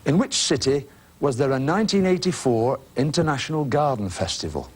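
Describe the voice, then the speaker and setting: Chummy, lively-voiced game show host man. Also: medium pitch, fairly quick, husky. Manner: chummy, teasing banter with contestants. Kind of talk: jokey TV game show hosting. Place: TV studio before a live audience. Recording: 1980s broadcast with studio audience and hiss. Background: studio audience.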